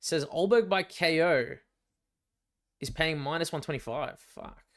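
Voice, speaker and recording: A young Australian man hosting a live fight watch-along, chatty and excitable, swearing freely as he reacts. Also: fairly high pitch, unhurried. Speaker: livestream fight companion host.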